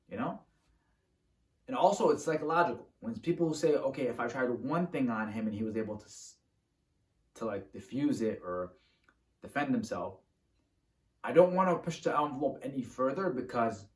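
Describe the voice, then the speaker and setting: A man telling a personal story to the camera in a casual, animated way, acting out the moves as he talks. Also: mid-range voice. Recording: roomy, from a distance to the mic.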